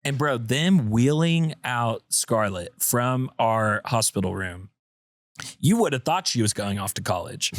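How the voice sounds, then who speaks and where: A man's voice: medium pitch, lively intonation, unhurried, no room sound. A man co-hosting a podcast, telling stories animatedly and reading out listener messages. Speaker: podcast co-host. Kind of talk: casual chat.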